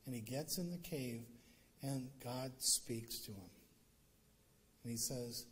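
A man preaching a sermon, telling a story with lively emphasis that rises to emphatic peaks. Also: medium pitch, slow, long pauses, a little hiss or hum. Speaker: pastor.

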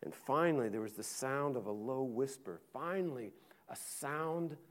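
A man, a pastor, preaching a sermon, swinging from loud urgent passages to hushed, slow scripture reading. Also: medium pitch.

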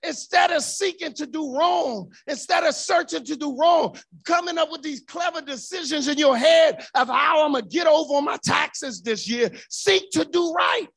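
A man preaching a fervent sermon to a congregation, shouting in a rhythmic, chanted cadence. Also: very high voice, moderate pace, vocal fry, hardly any pauses. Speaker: pastor.

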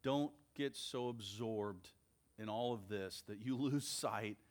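Male pastor, slow and measured sermon delivery, earnest. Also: lowish voice.

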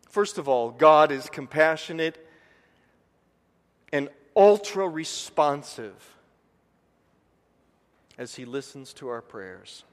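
A man in his forties, a pastor, giving a sermon and telling stories from home, acting out his family's voices. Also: medium pitch. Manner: storytelling, imitates family voices. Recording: long hall reverb.

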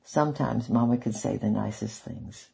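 A man reading a novel aloud in the first person, in a measured way. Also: lowish voice, expressive, gravelly, husky. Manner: measured, warm sign-off. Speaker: audiobook reader.

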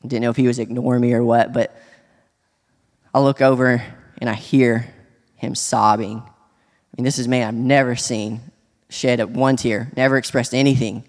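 A man sharing a personal testimony in church, speaking earnestly and haltingly, with many restarts. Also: mid-range voice, little pitch movement. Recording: long hall reverb.

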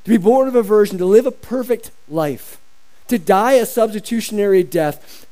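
A pastor preaching a sermon in an emphatic style, repeating phrases for stress. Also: male voice, sits high, dark tone, low-quality recording.

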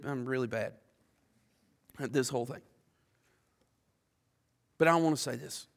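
Male preacher, high gravelly voice, fervent sermon delivery with stammered repeats and sudden loud peaks. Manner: impassioned, repeats words, swings from quiet to loud.

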